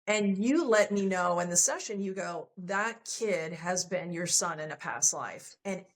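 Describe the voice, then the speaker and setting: A woman's voice: lowish voice, measured pace. A woman sharing a personal love story as a podcast guest, candid and emotional, often quoting what others said to her.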